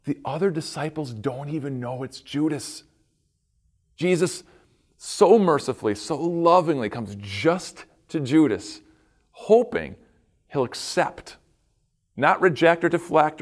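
A man preaching a sermon, telling a Bible story with lively emphasis and dropping to quiet, earnest asides. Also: mid-range voice. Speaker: pastor.

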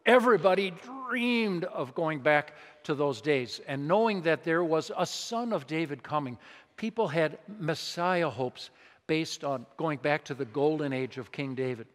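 A man's voice: a little high, lively intonation, a little slow. A man preaching a sermon in a conversational, emphatic way, asking his congregation rhetorical questions. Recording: long reverb of a large hall.

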